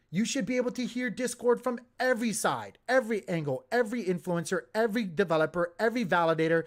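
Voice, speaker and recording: A man hosting a crypto livestream, talking in a heated, emphatic way and repeating himself as he gets worked up. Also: high voice.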